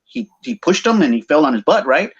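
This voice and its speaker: A man's voice: a little high, sing-song, a little fast, husky, highs cut off. A man with a Chicano English accent telling a story casually, slangy and mixing English with Spanish.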